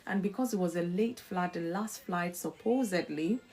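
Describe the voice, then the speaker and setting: A woman's voice: fairly low pitch, normal speed. A woman hosting a live devotional talk, telling a story with acted-out dialogue and quoting scripture. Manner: animated storyteller who acts out imagined dialogue; preacherly, quotes scripture. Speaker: host of a live faith talk show.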